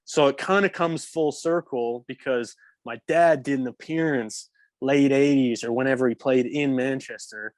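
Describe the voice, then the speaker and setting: Young guy rambling thru a story, lots of likes, dry close sound, middle pitch. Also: normal speed, dry recording. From England. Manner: rambling, lots of "like" fillers, laughs mid-story. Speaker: guest, former pro hockey player. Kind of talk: casual storytelling.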